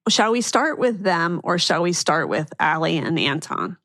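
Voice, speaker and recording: A woman's voice: lowish voice, expressive, measured pace, a bit bright, no room sound, studio quality. A woman podcast host from the Philadelphia suburbs with a light local accent, chatting casually and laughing often. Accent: Philadelphia area. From Chester County, Pennsylvania. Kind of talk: casual chat.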